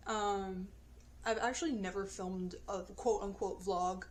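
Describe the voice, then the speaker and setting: A young woman talking to the camera in a casual vlog, chatty and giggly, halting with ums and restarts. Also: mid-range voice, steady tone, a little hiss or hum. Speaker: vlogger.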